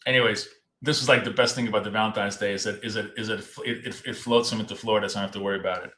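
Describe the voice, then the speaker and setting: A man's voice: on the low side, steady tone, racing, bright, forceful tone, reverberant. A man co-hosting a live trading stream in a casual, joking way, blunt and swearing freely. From Russia. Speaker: trading show co-host.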